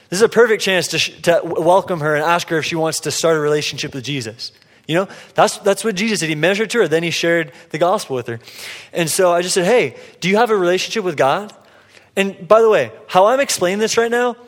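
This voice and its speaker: A man preaching a sermon as pastor, telling a story in a casual, conversational way. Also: on the high side. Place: church sanctuary. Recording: long hall reverb.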